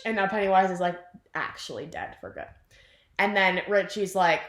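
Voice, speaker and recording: A woman's voice: mid-range voice, brisk. Rambling young woman retelling a plot. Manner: rambling, animated, heavy use of "like", acts out quotes. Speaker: vlogger retelling a film plot. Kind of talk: casual chat. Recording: echoey room.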